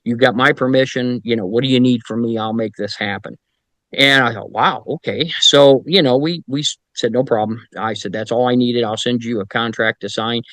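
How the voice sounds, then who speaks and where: A man's voice: medium pitch, normal speed, no echo. A middle-aged man who investigates the paranormal, telling stories in casual chat and acting out the voices of people he quotes. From Indiana, US. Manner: animated anecdotes, acts out quoted voices; frequent fillers and restarts. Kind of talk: casual storytelling.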